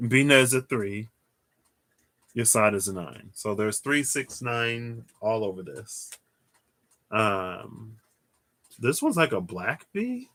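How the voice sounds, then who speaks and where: A man giving a casual livestream tarot reading, thinking aloud in a rambling way with restarts and soft chuckles. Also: medium pitch, no echo. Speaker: tarot reader.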